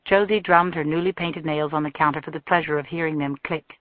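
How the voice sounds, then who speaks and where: A woman reading a novel aloud as an audiobook narrator, measured and expressive. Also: low-pitched, dry recording. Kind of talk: scripted narration. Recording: thin phone-like dry sound.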